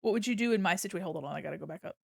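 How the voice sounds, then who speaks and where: This streamer's voice is on the low side, creaky and husky, and she races along while chatting casually with viewers. Her stories are packed with swearing and animated, acted-out quotes, captured in clean studio sound with no echo.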